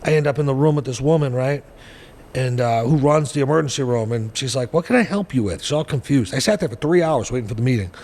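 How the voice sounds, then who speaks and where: A man's voice: mid-range voice, quick pace, a little mellow, long reverb tail. Blunt, profane storytelling man. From New Hampshire, US. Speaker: guest. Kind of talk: storytelling interview.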